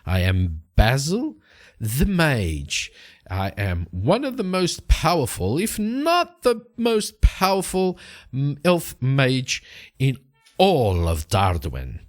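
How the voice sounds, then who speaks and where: A man's voice: medium pitch, huge pitch swings, takes it slowly, pitched above the performer's own voice. A man voicing a nervous but boastful male elf mage who stammers and then turns grandiose.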